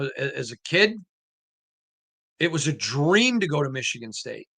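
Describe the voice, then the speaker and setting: A middle-aged sports beat writer hosts a sports talk show with a rambling but impassioned monologue. His high voice sounds bright and forceful as he drifts through anecdotes and then pushes hard into his opinions.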